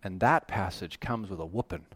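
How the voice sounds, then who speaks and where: A man preaching a sermon, animated and emphatic, often rising to loud, excited peaks. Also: low-pitched, moderate pace, dry recording. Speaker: pastor.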